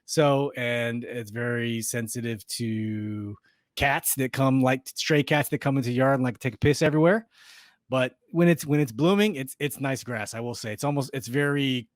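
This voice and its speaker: A man's voice: mid-range voice, normal speed, dry recording, clean studio sound. A man co-hosting a sports podcast, chatting casually and rambling with restarts. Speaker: podcast co-host.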